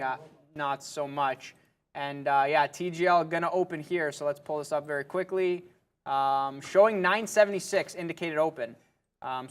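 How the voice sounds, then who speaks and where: A man's voice: on the high side, fairly bright tone. A man co-hosting a live day-trading show, talking loosely through price moves with lots of fillers. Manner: casual, loose, many fillers. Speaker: day trader co-host.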